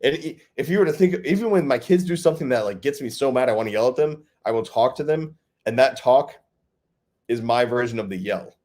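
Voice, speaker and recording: A man's voice: mid-range voice, lively intonation, fairly quick, darkish tone. A man, co-hosting a live fatherhood Q&A and answering bluntly with rhetorical questions. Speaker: co-host, fatherhood coach. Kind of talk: live Q&A advice talk.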